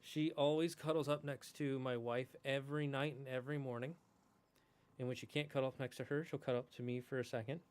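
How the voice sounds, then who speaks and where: Male streamer, mid-pitched voice, relaxed rambling chat, affectionate tone. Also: brisk, clean tone. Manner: chatty, rambling, affectionate with his cat. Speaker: gaming streamer. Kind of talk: casual chat.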